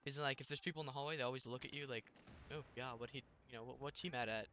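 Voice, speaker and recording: A man's voice: medium pitch, steady tone, very fast, bright, forceful tone, a little hiss or hum. A young man telling a rambling story while commenting on his gameplay, with many restarts.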